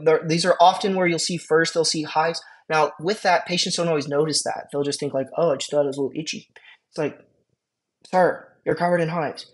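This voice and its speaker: A man teaching an emergency medicine class, talking casually with quick asides and questions to his students. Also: a little high. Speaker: EMS instructor. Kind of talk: classroom lecture.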